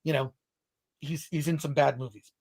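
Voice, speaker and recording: A man's voice: fairly high pitch, fairly even intonation, moderate pace, a little mellow, breathy edge. A man hosting a film review show in casual chat, rambling off on tangents and restarting his sentences often.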